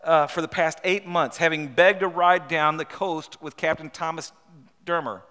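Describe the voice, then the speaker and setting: Male preacher, fairly high and bright-toned, stop-start storytelling full of rhetorical questions, long hall reverb. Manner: halting, repeats words, asks rhetorical questions. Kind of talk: storytelling sermon with read-aloud passages.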